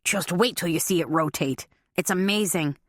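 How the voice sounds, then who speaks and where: A woman's voice: lowish voice, normal speed, no echo, studio quality, lightly acted. A woman voicing a proud, stubborn older father who is cheerfully oblivious, in a storybook reading. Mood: boastful. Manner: boastful, cheerful.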